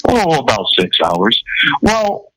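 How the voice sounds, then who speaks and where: An older man co-hosting a radio talk show, telling a long rambling story in a casual, animated way. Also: medium pitch, slow, dry recording, low-quality recording. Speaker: radio co-host.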